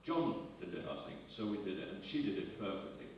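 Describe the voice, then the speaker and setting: A man's voice: deep voice, sing-song, fast, gravelly, a little hiss or hum. An older man telling chatty, self-mocking anecdotes on a stage, chuckling between stories. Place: arts centre stage before an audience. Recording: echoey, distant, dull hall recording.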